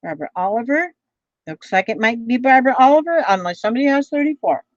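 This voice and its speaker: A chatty woman rambles through a craft video at her table, her voice a little high and full of fillers and restarts. The sound is dry and close, with a dull, lo-fi edge. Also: expressive, fast talker, dry recording. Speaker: craft vlogger. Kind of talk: casual chat.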